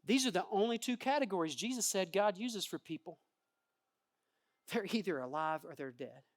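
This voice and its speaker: Casting note: male pastor, lively sermon delivery, loud-to-soft swings, acts out quotes. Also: high voice, normal speed. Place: church.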